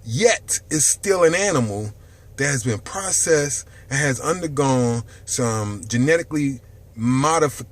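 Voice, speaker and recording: A man giving an impassioned, profane health monologue to camera from a dark room, swinging from loud outbursts to hushed near-whispers. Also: a little high, animated, a little slow. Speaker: health vlogger.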